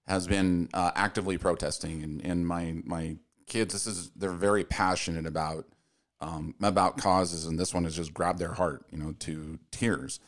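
A man from Utah hosting a podcast, talking in a relaxed, casual way. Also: deep voice, normal speed. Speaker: podcast host. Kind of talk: casual podcast chat and read ad.

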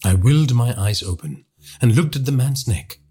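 A man narrating a horror story for a podcast in a hushed, dramatic storytelling manner. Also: medium pitch, animated, moderate pace, slightly rough.

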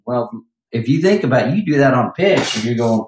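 Animated male vocal coach in a roomy room. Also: mid-range voice, fairly quick, a little hiss or hum. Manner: animated, breaks into sung lines and impressions. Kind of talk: podcast interview talk.

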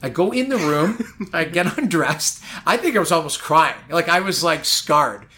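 A man telling a long anecdote in a casual chat, animated and rambling, full of "like". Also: fairly high pitch, normal speed. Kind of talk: casual storytelling.

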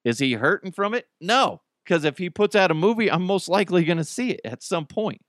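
A man's voice: sits high, lively intonation, brisk, a bit bright, dry recording, clean studio sound. Rambling joking male radio host. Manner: rambling, joking, self-correcting. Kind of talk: casual on-air chat.

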